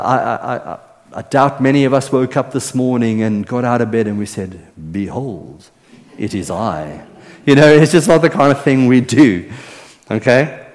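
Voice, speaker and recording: Animated male preacher in a reverberant hall. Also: medium pitch. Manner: earnest, animated storytelling with swings between loud and soft. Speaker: pastor. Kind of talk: sermon.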